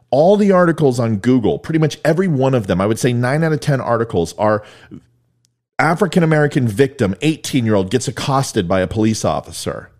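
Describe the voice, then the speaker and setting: A man's voice: mid-range voice, a little mellow. A man giving blunt, emphatic video commentary, explaining events step by step. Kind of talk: video commentary on police footage.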